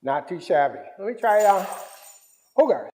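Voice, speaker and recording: A man's voice: sits high, big pitch swings, moderate pace, a little mellow, a little hiss or hum. A man dog trainer giving a hands-on lesson, mixing short firm commands with cooing praise for the dogs. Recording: long reverb, roomy hall.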